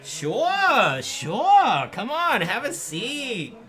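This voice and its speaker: A man's voice: very high-pitched, huge pitch swings, very slow, pushed and bright, soft background music, pitched above the performer's own voice, exaggerated voice. A man voicing a condescending, well-to-do male card player who talks in a mockingly encouraging way. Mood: smug.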